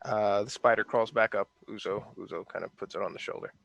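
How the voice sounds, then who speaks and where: Man, tabletop player, dry close sound, brisk and direct. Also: lowish voice, fairly even intonation, creaky, fairly bright tone, no room sound, dull audio. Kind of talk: casual game chat.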